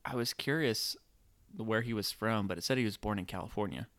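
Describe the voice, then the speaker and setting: A man's voice: on the low side, brisk, a bit bright, no room sound, studio quality. A man co-hosting a casual movie chat, rambling and playful, with lots of fillers. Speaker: podcast co-host.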